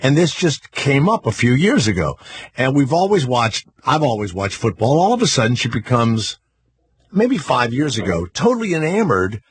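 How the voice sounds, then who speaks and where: A man's voice: mid-range voice, sing-song, normal speed, a little hiss or hum. A man hosting a talk radio show, chatting with callers in a brash, crude, rambling way.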